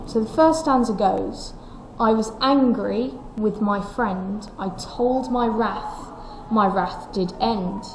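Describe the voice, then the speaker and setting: A woman's voice: mid-range voice, slow pace, few pauses, darkish tone, a little hiss or hum, poor audio. A woman teaching a recorded English lesson, explaining a poem step by step and reading its lines aloud with the stresses brought out.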